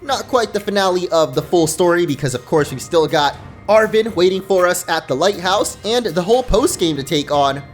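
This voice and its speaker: A man hosting a let's play, giving upbeat, excitable gameplay commentary. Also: high-pitched, moderate pace, soft background music.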